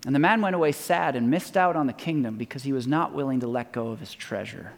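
A man's voice: mid-range voice, fast, creaky. A man pastor giving a sermon, telling stories in a conversational way and acting out the voices of the people he quotes. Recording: long hall reverb.

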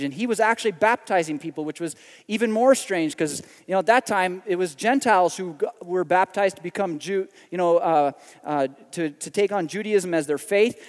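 A man's voice: high-pitched, in a large hall. A man preaching a conversational sermon as pastor, often restarting and repeating words as he thinks aloud.

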